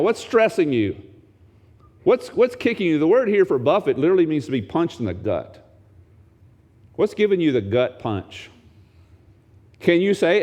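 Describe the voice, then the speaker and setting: A male pastor delivering a sermon in a mid-pitched voice. He swings widely from low, hushed asides up to sudden high, excited exclamations, animated throughout. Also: normal speed, pauses often.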